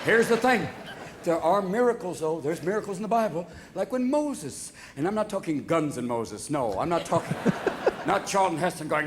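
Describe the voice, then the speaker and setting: A man performing a rapid-fire stand-up comedy routine to a live audience, jumping between voices. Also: sits high, expressive, noisy background. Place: large comedy venue with audience. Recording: live stand-up, loud crowd, echoey venue.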